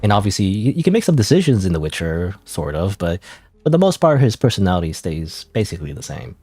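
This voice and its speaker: A streamer chats casually on a gaming livestream, rambling, doubting himself, and filling his speech with fillers and laughs. His low voice is husky and a little mellow, with a sing-song lilt and a quick pace.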